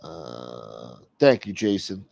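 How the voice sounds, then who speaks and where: A man's voice: extremely low pitch, very animated, takes it slowly, gravelly, a little mellow, no echo. A man hosting a casual livestream, rambling and joking as he reads out chat. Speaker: livestream host.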